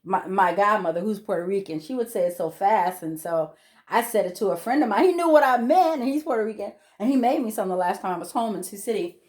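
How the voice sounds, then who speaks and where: Cooking at home, a middle-aged woman vlogger talks fast in a medium-pitched, darkish voice with lively intonation. Her kitchen chat is casual and rambling, full of restarted sentences and ums.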